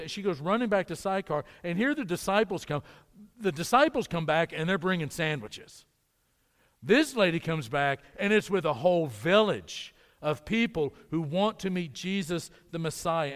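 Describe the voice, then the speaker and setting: A man with a fairly high voice delivers a sermon, emphatic and building his points by repeating words. The sound carries a long hall reverb, as from a church sanctuary. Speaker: preacher.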